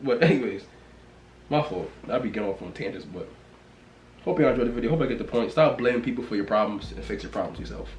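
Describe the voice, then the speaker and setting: A man in a casual rant to camera, talking bluntly and repetitively, swinging from loud exclamations to low mutters. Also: animated, fast, roomy sound, slight background noise. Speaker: vlogger.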